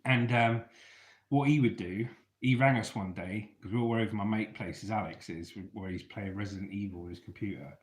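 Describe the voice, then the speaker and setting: A man's voice: fairly low pitch, moderate pace, echoey room. A man from England, telling stories casually in a chatty, laddish way and swearing freely. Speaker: storyteller host. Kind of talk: casual storytelling.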